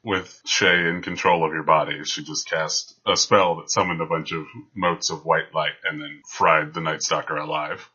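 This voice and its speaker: A man's voice: very deep voice, steady tone, normal speed, hardly any pauses, bright, forceful tone, breathy edge. A man narrating as game master of a tabletop game, with dry, teasing remarks. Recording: dull lo-fi sound.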